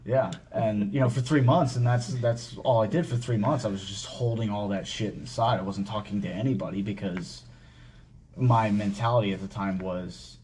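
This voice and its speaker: A man hosting a podcast, telling a personal story in casual talk, halting and full of swearing and fillers. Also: fairly low pitch, a little mellow, slight background noise. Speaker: podcast host.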